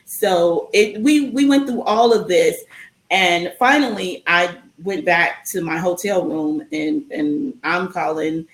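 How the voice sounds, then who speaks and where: A woman guest telling a long personal story in a casual interview, animated and full of ums and restarts. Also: on the low side, slow pace, echoey room, low-quality recording.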